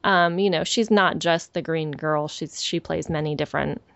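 A woman's voice: deep voice, normal speed, creaky, fairly bright tone, no room sound. A woman co-hosting a podcast in casual chat, talking thoughtfully with frequent ums and easy laughs. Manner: thoughtful, hesitant with many fillers, laughs easily. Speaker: podcast co-host. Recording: dry, slightly lo-fi audio.

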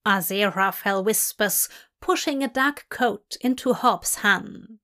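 A woman reading a fanfiction story aloud in slow, even storybook narration. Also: mid-range voice. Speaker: fanfiction reader.

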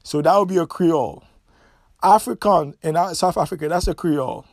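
A middle-aged man with a Haitian accent talks through a solo podcast monologue, pressing each point and circling back to repeat it. His voice sits somewhat high for a man. The sound is dry and close, with no room around it. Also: normal speed, dry recording. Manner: emphatic, repeats points, nonstandard grammar. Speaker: podcast host.

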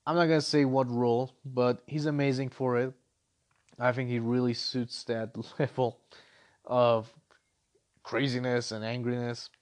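A man giving a casual spoken game review, ranting in an animated, exasperated way. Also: medium pitch, measured pace.

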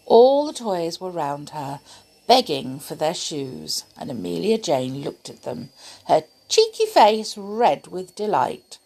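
A woman reading a children's storybook aloud in an expressive, lilting way. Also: fairly low pitch, slow.

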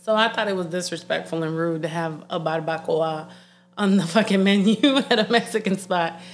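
A woman's voice: fairly low pitch, moderate pace, a little hiss or hum. A woman with a Puerto Rican accent, telling stories in a casual chat with lots of swearing and laughter. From Puerto Rico. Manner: animated, profane, laughing storyteller.

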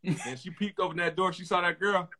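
A young man hosting a casual podcast, talking in slang and telling animated stories with lots of repeated phrases. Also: high voice, a little fast. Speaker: podcast host.

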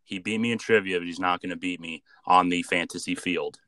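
A man's voice: low voice, fairly even intonation, a little fast, bright, forceful tone, no echo. A man co-hosting a casual podcast, making crude wisecracks at his friends. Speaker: podcast co-host.

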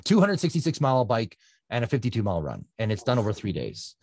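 A man, a guest telling his story in a casual interview with animated energy and quick restarts. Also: medium pitch, slightly rough, dry recording. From Canada. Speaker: guest, triathlete.

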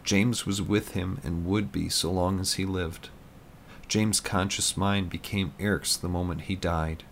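Deep-voiced man reading a story. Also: fairly even intonation, unhurried, gravelly, a little hiss or hum. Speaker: narrator. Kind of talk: audiobook narration.

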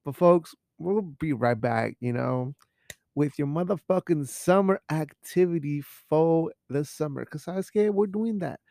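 A man's voice: on the high side, a little slow, creaky, warm tone, dry recording. A young man hosting a show in a home studio, rambling casually and swearing, with Spanish words mixed in. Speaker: podcast host. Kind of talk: casual chat.

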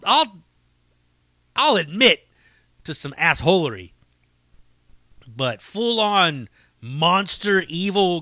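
A man's voice: medium pitch, sharp tone, dry recording. A man hosting a podcast, telling stories in a profane, rambling, casual monologue with frequent laughs. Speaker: podcast host and comedy show runner.

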